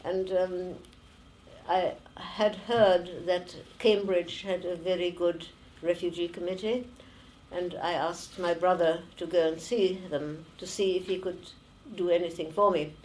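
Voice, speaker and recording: A woman in her nineties with a German accent, giving oral history testimony slowly and haltingly, with many pauses and fillers. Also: fairly low pitch, steady tone, darkish tone, a little hiss or hum, poor audio. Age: 90s. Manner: slow and halting, with frequent fillers. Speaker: interviewee, former refugee.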